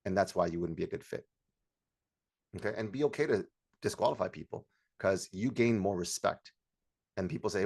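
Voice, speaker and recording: A man's voice: fairly low pitch, normal speed, long pauses. A middle-aged man coaching on sales, talking energetically and acting out bits of calls. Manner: energetic, acts out call dialogue, shouts hype lines. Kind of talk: sales training talk.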